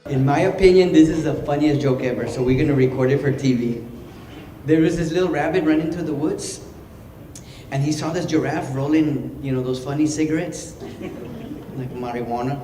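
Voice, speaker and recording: A man's voice: fairly high pitch, a little fast. A man, a boisterous entertainer telling a joke and laughing at it. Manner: boisterous, laughs at own jokes. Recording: echoey hall with loud background noise.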